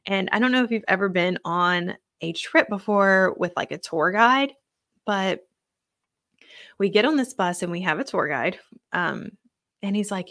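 A young adult woman recounts a personal faith testimony on her podcast, earnest and conversational, her speech full of casual fillers. Her voice sits at a middle pitch. The recording is dry and close, with no room echo. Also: unhurried, a bit bright. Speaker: podcast host.

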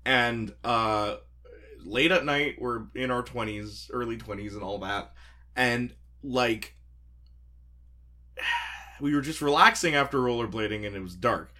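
Dude telling a story, bright voice, acts out the quotes, laughs a lot. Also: male voice, mid-range voice, measured pace, pauses often. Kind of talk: casual storytelling chat.

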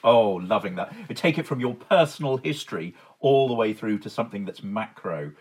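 A man's voice: lowish voice, animated, husky. A man co-hosting a history podcast, praising his partner's segment and then leading into a new topic. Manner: warmly approving, brisk. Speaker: podcast co-host. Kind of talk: casual chat, steering the episode.

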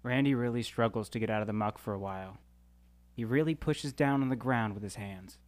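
Reader for sketch directions, measured, mid-pitched. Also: darkish tone, no echo. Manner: measured narration. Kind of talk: reading stage directions.

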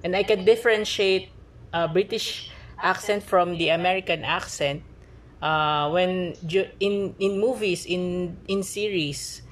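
Slow, hesitant Filipino woman. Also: lowish voice. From Philippines. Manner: hesitant, searching for words. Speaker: guest. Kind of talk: casual chat.

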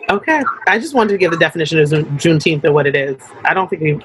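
A young adult woman co-hosting a casual podcast, talking in an animated, slangy way with quick asides. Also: low-pitched, noisy background. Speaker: podcast co-host.

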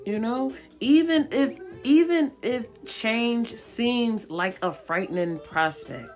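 A woman reads tarot cards for viewers in a casual way, blunt, profane, and encouraging, coaxing them along and repeating her points for emphasis. Her voice is on the high side, she takes it slowly, and faint music plays behind her.

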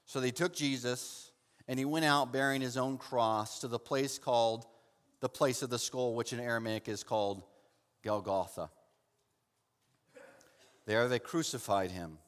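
A male pastor preaching with dramatic swings, rising to fervent loud stretches and dropping to hushed, almost whispered ones. His voice sits at an ordinary male pitch and rolls out into a long church reverb. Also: fairly even intonation, a little slow, pauses often. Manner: addresses listeners as "saint". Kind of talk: sermon with Bible reading.

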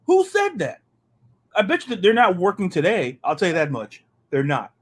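A man from the American South, co-hosting a casual sports podcast. His voice sits high and swings widely in pitch as he rants. He stumbles and repeats words when he gets worked up. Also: a little fast, husky. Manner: animated, ranting, repeats words when excited. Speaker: podcast co-host.

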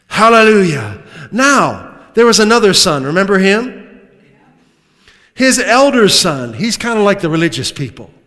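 A man with a notably high voice preaches slowly and deliberately, letting each phrase land. He swings from loud, emphatic declarations to hushed asides and slips in joking remarks. His voice carries the long reverb of a big church hall. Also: sing-song. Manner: humorous asides with laughter. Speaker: pastor. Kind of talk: sermon.

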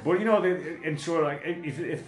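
A man's voice: fairly high pitch, moderate pace, roomy sound, faint music behind. A man telling a rambling, self-mocking story in casual chat, swearing often.

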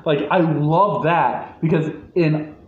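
A man in casual podcast chat about a movie, animated and laughing often as he acts out scenes. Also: fairly high pitch, slow. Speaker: podcast co-host. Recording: muffled echoey room with faint hiss.

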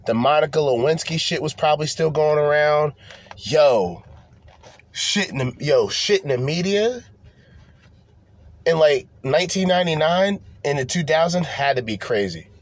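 His voice a little high and his speed normal, the podcast host rants casually and profanely. He's animated and rambling, restarting often and repeating phrases.

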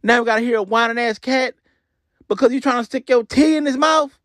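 A man's voice: extremely high pitch, brisk, dry recording, clean studio sound. A man hosting a show, ranting in a casual comic way, swearing a lot and repeating himself. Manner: profane, animated, repeats himself. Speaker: podcast host.

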